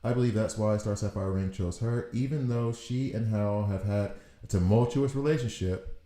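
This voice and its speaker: A man in his thirties talks through a game in casual commentary. He riffs in an animated, exasperated way, and his fairly low voice carries a roomy echo. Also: moderate pace. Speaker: gaming video host.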